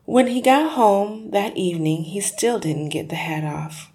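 Gravelly, low-pitched woman reading a story. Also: a little slow, hardly any pauses. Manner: lively, dramatic reading. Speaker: storyteller reading a children's book. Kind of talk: expressive read-aloud narration.

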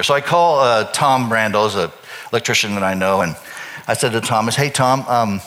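A man's voice: medium pitch, brisk, fairly bright tone. A middle-aged man preaching, telling a long personal story with many restarts before turning to scripture. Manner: rambling, self-correcting storyteller. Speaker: pastor.

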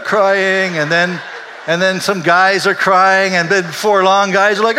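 An older man, a pastor, telling a candid and emotional personal story in a sermon, animated as he goes. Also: high-pitched, moderate pace. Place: church sanctuary. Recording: echoey hall.

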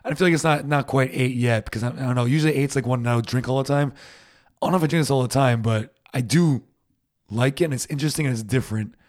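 A man's voice: mid-range voice, fast, darkish tone. Casual rambling male podcast co-host. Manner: rambling, laughs often. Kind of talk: casual chat.

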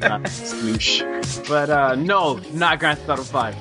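A man hosting a casual gaming podcast, excitable, swearing and laughing often. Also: a little high, slow, over music. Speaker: podcast host.

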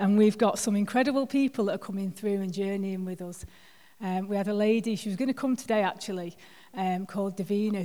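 A woman's voice: medium pitch, a little mellow. Chatty woman preaching. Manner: chatty, self-deprecating storyteller with filler words. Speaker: guest speaker. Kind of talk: sermon with personal stories. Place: church hall. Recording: long hall reverb.

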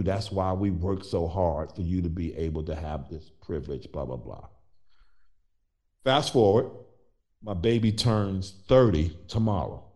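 A middle-aged man telling a personal story in conversation, animated and acting out the voices of people he quotes. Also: low voice.

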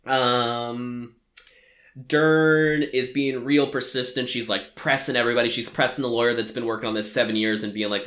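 Bright-voiced young man rambling through a recap. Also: medium pitch, steady tone, moderate pace. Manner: rambling, filler-heavy storytelling, frequent "like". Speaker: podcast co-host. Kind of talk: casual movie recap. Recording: echoey room.

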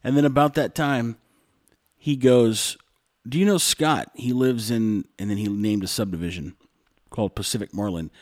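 A man from Texas telling casual stories to camera in a lively way, acting out both sides of the dialogue. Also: medium pitch, moderate pace, no echo, clean studio sound. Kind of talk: casual storytelling.

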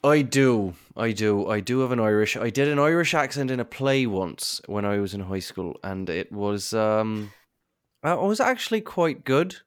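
A man chatting casually on a podcast in an excitable way, often stumbling and restarting. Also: lowish voice, moderate pace, clean tone. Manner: animated, excitable, stammering. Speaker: podcast co-host. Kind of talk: casual group chat.

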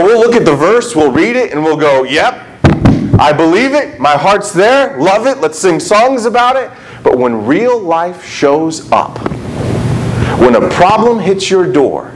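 A pastor preaching a conversational, animated sermon, slipping into quoted voices as he tells the story. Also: mid-range voice, noisy background.

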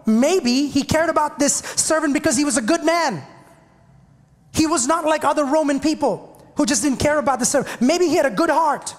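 A man's voice: very high-pitched, in a large hall. A male pastor preaching a sermon in a church, calling out to his congregation and often repeating and restarting his phrases. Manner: impassioned preaching, calls out to the congregation. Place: church sanctuary.

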